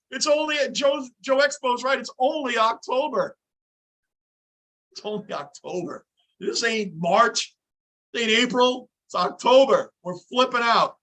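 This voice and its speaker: A man's voice: extremely high pitch, bright, forceful tone. A man hosting a live sports reaction stream from his home basement, ranting intensely as a frustrated fan. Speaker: livestream host.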